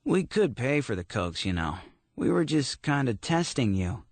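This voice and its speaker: A man voicing a cocky teenage gang leader who speaks in a sly, smooth, testing way. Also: mid-range voice, big pitch swings, normal speed, no echo, voice pushed up.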